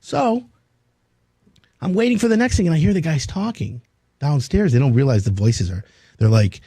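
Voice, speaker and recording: A man hosting a live radio show in a studio, chatty and full of jokes as he tells stories. His pitch swings up and down a lot, and his voice sounds a little husky. The recording is dry and close. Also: lively intonation, moderate pace, pauses often, warm tone, dry recording. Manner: chatty, storytelling, jokey. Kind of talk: casual talk radio chat.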